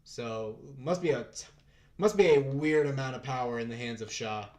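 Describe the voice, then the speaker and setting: A man hosting a casual live fight stream, chatting with his viewers, thinking out loud and laughing often. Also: medium pitch, normal speed.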